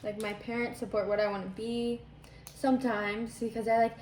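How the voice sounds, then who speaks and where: A woman's voice: a little high, flat delivery, darkish tone. Eager girl arguing back, echoey. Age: teen. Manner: eager, quick to argue back. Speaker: daughter, eighth grader. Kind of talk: casual chat. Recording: echoey room with faint noise.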